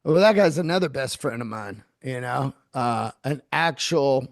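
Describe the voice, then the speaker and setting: A man, a comedian from the San Francisco Bay Area, telling profane, animated backstage stories in a casual interview. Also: mid-range voice, unhurried, no room sound, clean studio sound. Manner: animated, profane storyteller who acts out quotes. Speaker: comedian guest.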